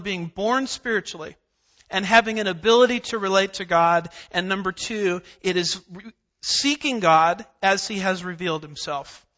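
Bright, high-voiced emphatic male preacher. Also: dull audio. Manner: emphatic preaching with repetition and scripture references. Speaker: pastor. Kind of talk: verse-by-verse sermon. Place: church sanctuary.

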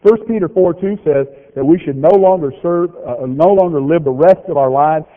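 Folksy preacher on tinny radio. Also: male voice, normal speed. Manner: folksy, joking preacher with lively swings in pitch. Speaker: pastor. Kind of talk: sermon. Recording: tinny phone-like radio broadcast of a hall.

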